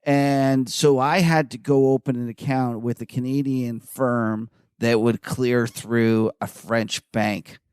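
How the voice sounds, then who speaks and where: A man co-hosting a markets podcast in casual, animated chat, full of "like" fillers. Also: mid-range voice, slow pace, smooth, no echo, studio quality. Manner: animated, chatty, many "like" fillers. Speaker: podcast co-host.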